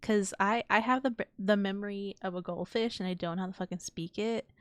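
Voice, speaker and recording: A woman's voice: mid-range voice, fairly even intonation, brisk, no room sound, studio quality. A woman streamer chatting casually on a live stream, rambling, giggling often and swearing offhandedly. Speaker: VTuber streamer.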